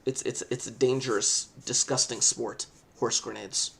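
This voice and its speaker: A man teaching a statistics lesson, talking in an animated, jokey and emphatic way. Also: medium pitch, moderate pace, gravelly. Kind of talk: classroom lecture.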